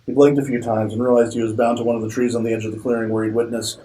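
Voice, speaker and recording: A man, an author, reading his own fiction aloud at a convention in a steady narrating manner. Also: mid-range voice, very fast, slight background noise, rough recording.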